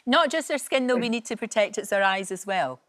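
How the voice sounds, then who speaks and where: Older Scottish woman host, friendly and agreeable, with a lively, up-and-down intonation. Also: fairly high pitch, a little fast. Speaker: TV presenter. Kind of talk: morning show chat. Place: TV studio.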